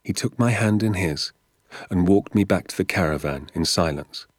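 Male narrator, storybook reading, deep voice, unhurried and expressive, dry close sound. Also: dry recording. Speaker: audiobook narrator.

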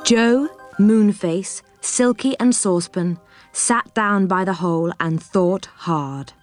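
A woman reading a children's chapter book aloud, gently and expressively. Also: medium pitch, soft background music. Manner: slow, gentle, expressive reading with voices for characters. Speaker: storybook reader.

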